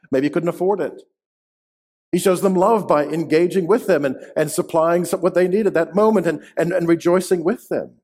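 A man preaching a sermon in a church, emphatic, slowing down and dropping his voice to stress key words. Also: medium pitch, a little mellow. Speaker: pastor. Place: church sanctuary.

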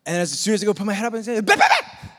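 A man telling a lively personal story in a sermon, sometimes imitating gunfire and shouting. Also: high-pitched, rapid-fire. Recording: long reverb of a hall.

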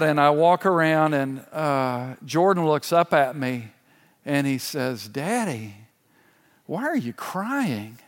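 A church elder in his sixties shares a personal testimony from the pulpit, earnest and unhurried. His voice sits a bit high for a man and moves at a slow, deliberate pace. The sound carries a long reverb from a large auditorium. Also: a bit bright, clean tone. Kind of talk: sermon.

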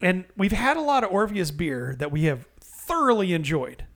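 A man co-hosting a casual beer podcast, telling a story with animated, profane exaggeration. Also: high-pitched, normal speed. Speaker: podcast co-host. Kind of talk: casual beer-review banter.

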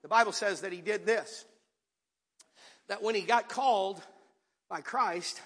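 A high, bright-toned male pastor with a husky edge preaches with fervor, swinging between quiet asides and shouted calls to the congregation. His voice rings through a church sanctuary with a long, trailing reverb. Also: a little slow. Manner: impassioned, rising to shouts with audience call-outs. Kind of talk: sermon.

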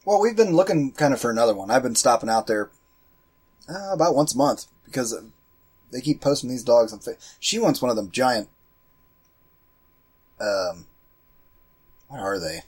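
A man co-hosting a casual movie commentary podcast, rambling and swearing as he tells animated stories. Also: medium pitch, normal speed, long pauses, slightly rough. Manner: profane, rambling, animated storytelling. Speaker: podcast co-host.

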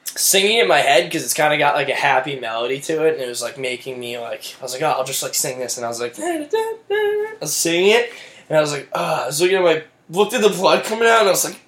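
A man's voice: a little high, fast, fairly bright tone, reverberant. A young man co-hosting a podcast, telling rambling stories with lots of swearing and laughter. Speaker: podcast co-host. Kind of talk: casual chat.

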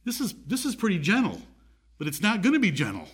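A man's voice: sits high, huge pitch swings, fast, husky. A man preaching a sermon, rising emphatically on key points.

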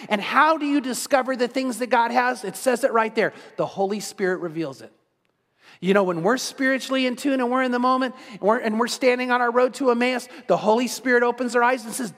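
High-voiced pastor preaching in a reverberant hall. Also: male voice, brisk, creaky, a bit bright. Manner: earnest, repeats words, stumbles and restarts. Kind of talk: sermon.

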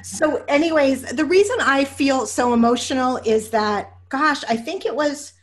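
A woman's voice: high-pitched, a little slow. A woman hosting a podcast interview, effusive and emotional, talking with many fillers and restarts. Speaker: podcast host. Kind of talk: casual interview introduction.

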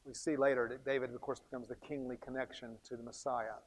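A man teaching a recorded series on scripture in an animated, emphatic way, often restarting his sentences. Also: medium pitch, quick pace, long reverb tail. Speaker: bible teacher.

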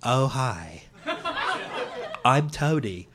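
A man's voice: mid-range voice, animated, drawn-out words, a loud crowd, pitched below the performer's own voice. British man putting on a cheery little dog. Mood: cheery simple. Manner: bad American accent. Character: simple friendly small dog.

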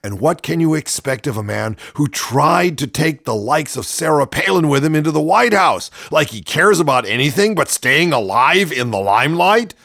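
A man's voice: a little high, lively intonation, normal speed, few pauses, fairly bright tone, dry recording, studio quality. A man hosting a comic radio talk show, reading news items and telling stories with sardonic, mocking commentary.

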